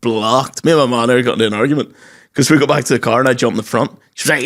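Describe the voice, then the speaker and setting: Young irish podcast co-host, casual storyteller, mid-pitched, jumps into voices. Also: male voice, very fast. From Ireland. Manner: animated storytelling, mimics family members' voices. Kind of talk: casual chat.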